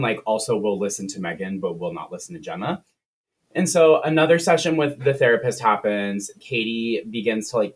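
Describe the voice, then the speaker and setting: A man's voice: lowish voice, husky. A man casually retelling a movie plot on a podcast, chiming in and laughing along with his co-host.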